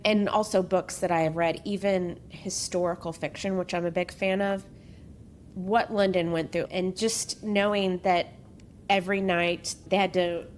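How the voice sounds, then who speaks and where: A woman's voice: lowish voice, level tone, a little slow, a little hiss or hum. A woman hosting a podcast, reading a true-crime story in a casual way and breaking off for joking asides. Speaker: podcast host.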